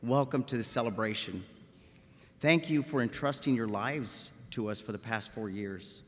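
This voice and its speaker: A man's voice: medium pitch, normal speed. A man in his fifties from South Texas with a South Texas accent, giving a commencement address as a medical school professor in a folksy, joking way, often adding a questioning "okay?". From Rio Grande Valley, South Texas. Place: large auditorium at a graduation ceremony. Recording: echoey auditorium with long reverb.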